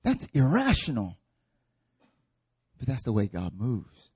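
A man preaching a sermon in a conversational way, acting out biblical figures and building to loud, passionate peaks. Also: medium pitch, wildly swooping pitch, takes it slowly, breathy edge. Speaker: pastor.

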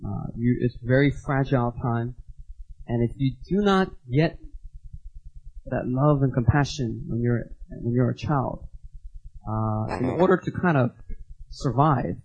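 A man's voice: mid-range voice, a little slow, pauses often, darkish tone, muffled recording, a little hiss or hum. A young man giving a sermon as a guest speaker, telling personal stories casually and acting out the voices in them. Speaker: guest preacher. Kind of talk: storytelling sermon.

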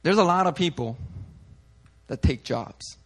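Male preacher, high bright voice, chatty and slangy, animated delivery from the pulpit. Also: unhurried, husky. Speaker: pastor. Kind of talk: sermon.

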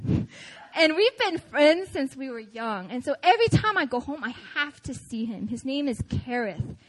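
Woman pastor, high bright voice, lively storytelling sermon with frequent laughs. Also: normal speed, poor audio. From United States. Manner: animated, chatty, frequent laughter.

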